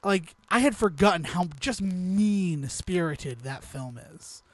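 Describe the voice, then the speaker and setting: A man co-hosting a casual podcast, his voice sitting high for a man. He tells his story loosely, laughing through it and swearing freely. The sound is dry and close, with no room around it. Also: animated, slow pace, dry recording. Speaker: podcast co-host.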